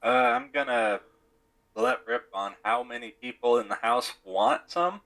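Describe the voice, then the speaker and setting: A man's voice: mid-range voice, expressive, a little slow, pushed and bright. A man playing a tabletop game, talking casually with hesitant starts. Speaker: player.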